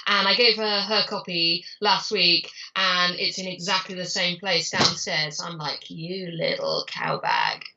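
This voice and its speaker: A woman's voice: on the low side, measured pace, few pauses, very noisy. A middle-aged woman, an author guest animatedly telling stories about her children in a casual interview. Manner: animated storyteller, acts out family quotes. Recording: distant, muffled remote audio.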